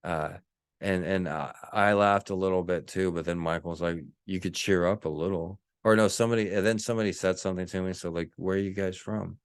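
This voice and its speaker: A man's voice: deep voice, fairly even intonation, fairly quick, clean tone, no room sound, studio quality. A man hosting a podcast, telling a rambling personal story in a casual monologue, full of restarts and acted-out quotes. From Texas. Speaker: podcast host.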